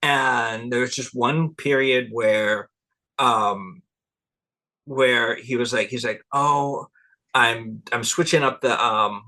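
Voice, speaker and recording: Slow and sharp-toned, a middle-aged man's medium-pitched voice carries rambling stories in a relaxed interview where he's the cultural anthropologist guest. He laughs often and imitates what people said.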